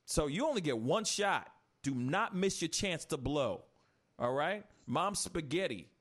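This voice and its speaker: A man hosting a casual commentary show, animated and opinionated, rambling through entertainment news. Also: on the high side, a little slow. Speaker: talk show host.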